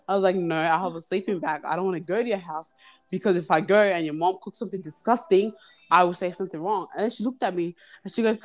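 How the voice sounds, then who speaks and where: A woman's voice: lowish voice, fast. A young woman telling a long story in casual podcast chat, acting out the other people's lines. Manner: animated, acts out quoted voices. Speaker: podcast guest. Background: children in the background.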